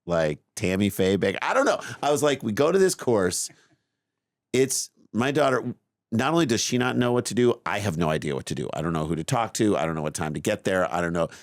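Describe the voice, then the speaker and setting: Low-voiced man telling a story. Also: a little fast, no room sound, studio quality. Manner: animated storyteller, self-mocking. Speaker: podcast co-host. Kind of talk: casual chat, storytelling.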